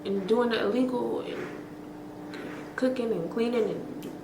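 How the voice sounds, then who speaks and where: A woman's voice: a little high, measured pace, echoey room, noisy background. A woman vlogger telling a story to her viewers in a chatty, slangy, profane way, full of fillers and acted-out quotes. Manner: expressive, acts out quotes.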